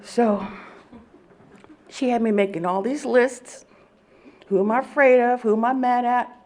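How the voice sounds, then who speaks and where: A woman giving an animated personal testimony at a recovery meeting, laughing often as she tells it. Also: on the high side, measured pace. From Oklahoma.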